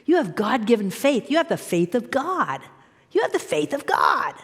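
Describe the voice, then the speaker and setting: Lively, high-voiced woman preaching in a hall. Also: normal speed, slightly rough. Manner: animated, coaxing the congregation to repeat after her. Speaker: minister. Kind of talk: sermon. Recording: long hall reverb.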